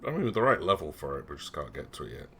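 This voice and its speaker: A man's voice: a bass voice, very animated, racing, pushed and bright, a little hiss or hum. A man giving live, chatty, sarcastic commentary while streaming a video game. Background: game music.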